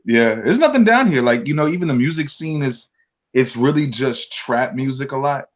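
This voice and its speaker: A man's voice: medium pitch, lively intonation, moderate pace. A man from Georgia being interviewed on the radio as a guest rapper, easygoing, laughing often and talking loosely. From Georgia, USA.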